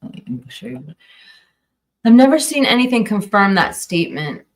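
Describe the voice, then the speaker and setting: A woman's voice: mid-range voice, sing-song, normal speed, far from the mic. A woman commenting casually on a livestream, hesitant and full of fillers and restarts. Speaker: true crime streamer.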